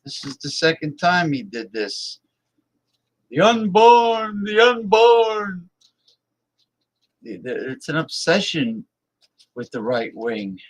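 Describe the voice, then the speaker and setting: A man's voice: medium pitch, expressive, a little slow, a bit bright, rough recording. A man hosting a casual political livestream, reading viewer messages aloud and speaking bluntly and emphatically, often repeating words for effect.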